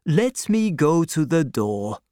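A man voicing a protective older doctor in a storybook reading, the voice lifted well above the narrator's own and drawn out slowly. The tone is soft and steadying, and the sound is close and dry with no room echo. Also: fairly high pitch, sing-song, pitched above the performer's own voice. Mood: reassuring. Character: gentle older male doctor, calm and protective.

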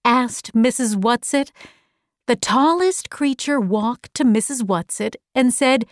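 Woman narrator reading a storybook aloud, fairly high voice, deliberate delivery. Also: a little mellow, dry recording, clean studio sound. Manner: slow, deliberate, clearly paced.

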